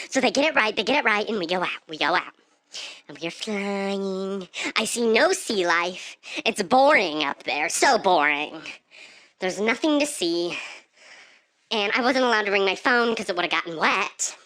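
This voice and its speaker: Melodramatic woman with a bright, animated voice. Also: no echo. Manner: melodramatic, leaps into shrill shouted outbursts. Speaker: vlogger. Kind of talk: dramatic storytime monologue.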